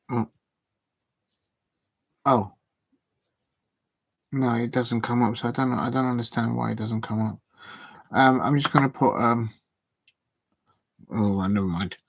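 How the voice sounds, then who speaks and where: The host of a football watch-along stream, a South London man, chats casually in a rambling way and mutters to himself while typing. His mid-range voice is creaky, and the recording has no room sound.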